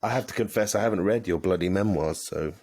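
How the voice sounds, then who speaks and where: Speaking quickly in a low, slightly mellow voice, this man co-hosts a podcast, chatting casually and working through plugs and notices with fillers. There's a little hiss or hum in the audio.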